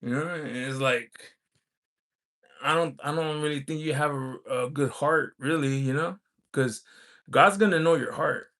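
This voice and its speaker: A man's voice: on the high side, unhurried, a bit bright. A man hosting a casual livestream, rambling with many fillers as he reads chat comments aloud. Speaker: livestream host reading chat.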